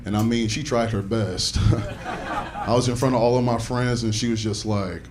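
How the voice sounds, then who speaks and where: A man's voice: fairly low pitch, fairly even intonation, moderate pace. A male comedian telling an exasperated stand-up story on a club stage. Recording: clear noise in the club.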